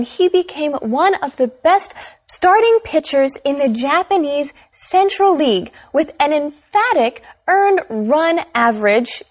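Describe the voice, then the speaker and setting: A woman co-hosting an English lesson, explaining words slowly and carefully in a scripted chat. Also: high voice.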